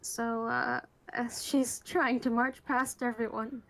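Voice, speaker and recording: A woman's voice: fairly high pitch, little pitch movement, slow pace, fairly bright tone, low-quality recording. A woman narrating her character's actions as a player in a tabletop game, hesitant and laughing. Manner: hesitant, many fillers, laughs.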